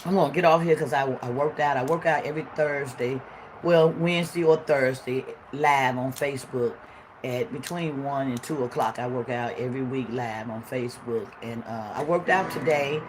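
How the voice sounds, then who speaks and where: A woman's voice: extremely low pitch, moderate pace. Lady preaching on a phone live, emphatic, keeps saying right?, bit of background hiss. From Chicago. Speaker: livestream host. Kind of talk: motivational livestream talk.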